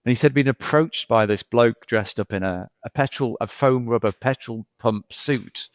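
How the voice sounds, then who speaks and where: A man's voice: mid-range voice, moderate pace, dry recording. A middle-aged male geologist talking casually as a podcast guest, rambling through anecdotes with lots of repeats and "you know".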